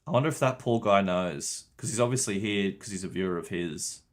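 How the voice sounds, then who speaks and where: A man's voice: sits low, fairly quick. A young man streaming a game, chatting casually with his viewers, swearing and laughing often. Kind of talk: casual livestream commentary.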